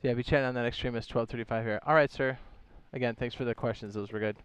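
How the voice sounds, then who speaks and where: Walking his chat through the game one step at a time, this streamer reads their questions out loud and answers with jokes, playful asides, and silly sound effects. He talks quickly in a steady, clear, resonant medium-pitched voice, with no echo.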